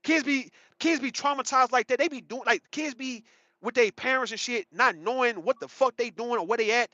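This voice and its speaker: A commentary channel host in his thirties delivers a rambling, profane, emphatic monologue, often repeating himself. His voice is very high-pitched and sharp at a normal speed. There's no echo, but the sound is dull and muffled.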